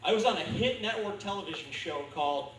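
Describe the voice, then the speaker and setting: A man in his thirties doing a stand-up comedy set, delivering dark one-liners in a dry, deadpan manner. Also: high voice, a little fast, a little hiss or hum. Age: 30s. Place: comedy club stage. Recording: echoey club recording from far off.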